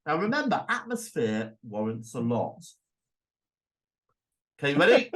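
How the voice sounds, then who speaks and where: A man co-hosting a podcast, chatting casually and arguing his points with animation. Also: unhurried. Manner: animated, jumps high when arguing. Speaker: podcast co-host. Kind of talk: casual banter.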